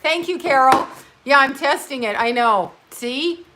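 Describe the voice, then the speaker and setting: A woman's voice: sits high, unhurried, background noise. A woman from Canada chatting casually on a livestream, rambling, blunt and profane, with self-mocking asides. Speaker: livestream host. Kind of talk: casual chat.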